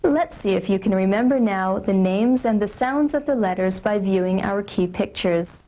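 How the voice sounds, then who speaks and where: A woman teaching phonics, slowly modeling each letter sound and word for learners to repeat. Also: medium pitch, mellow, rough recording. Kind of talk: scripted instructional narration.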